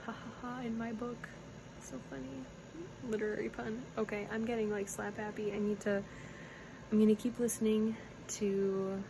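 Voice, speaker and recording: A woman's voice: mid-range voice, gravelly, noisy background. A woman vlogging casually about knitting, rambling and giggly, often breaking off mid-sentence. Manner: rambling, giggly, self-interrupting. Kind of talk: casual chatty vlog.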